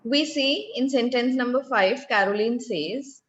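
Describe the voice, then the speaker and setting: A woman with an Indian English accent teaches a French class over a video call. She explains patiently, one step at a time, in a fairly high voice. The audio is dull and lo-fi, with a faint hiss. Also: unhurried, fairly bright tone. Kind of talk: online classroom lesson.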